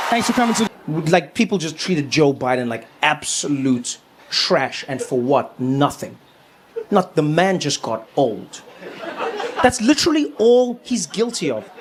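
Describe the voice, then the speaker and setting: A man performing a stand-up comedy set, leaping into mock voices and accents as he tells stories. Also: noisy background. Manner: animated, jumps into high mock voices and accents.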